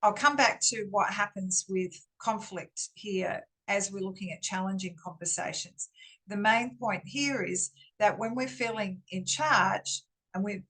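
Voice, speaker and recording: A woman's voice: medium pitch, a bit bright, poor audio. A woman speaking as a webinar guest presenter on healthy workplace communication. Her voice sits in a middle register, and she explains earnestly, pushing emphasis up on key points. She sometimes restarts a phrase as she goes. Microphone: online webinar microphone.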